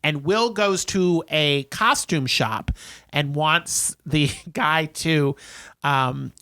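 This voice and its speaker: A man's voice: on the high side, extremely slow, sharp tone, clear, resonant tone, no room sound. A man co-hosting a podcast, casually retelling a film with many fillers and acted-out quotes. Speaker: podcast co-host. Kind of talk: casual chat recapping a film.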